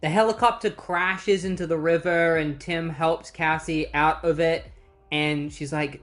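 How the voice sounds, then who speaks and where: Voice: mid-range voice, fairly even intonation, measured pace, fairly bright tone, soft background music. A comic book reviewer giving a casual recap with snarky, wry asides.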